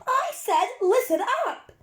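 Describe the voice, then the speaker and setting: A woman's voice: high-pitched, very animated, moderate pace, a little mellow, pitched above the performer's own voice. A woman voicing a strict, bossy female schoolteacher in a storybook reading, bellowing stern commands.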